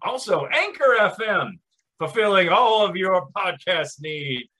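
A man doing a loud mock-Russian host with a high, piercing voice and a thick fake accent that keeps drifting toward French. He barks his announcements in broken English, all bluster and showmanship. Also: big pitch swings, a little slow, heavily acted. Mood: announcing. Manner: shouty, bombastic announcing. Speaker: podcast host.

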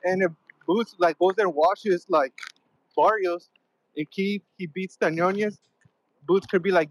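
A man's voice: high voice, steady tone, measured pace, pauses often, rough recording. Breathless young male caller. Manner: rambling, hesitant, many fillers.

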